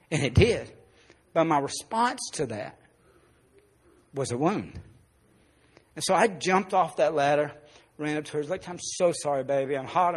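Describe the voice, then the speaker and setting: A male pastor preaching a sermon, telling a personal story and dropping soft and low in the emotional parts. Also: slightly rough.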